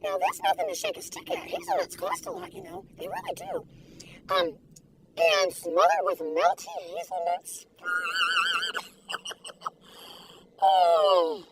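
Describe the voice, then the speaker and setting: A woman's voice: very high voice, huge pitch swings, takes it slowly, creaky, far from the mic, background noise. An older woman reviewing food in a casual video, gushing, giggly and full of exclamations, recorded in her car. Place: inside a parked car.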